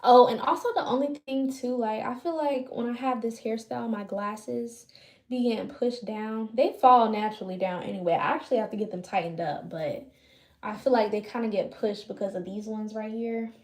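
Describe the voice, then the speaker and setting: This livestream host braids her hair and talks casually to her viewers, the room giving her voice an echo. She speaks at normal speed, pitched on the high side with a darkish tone.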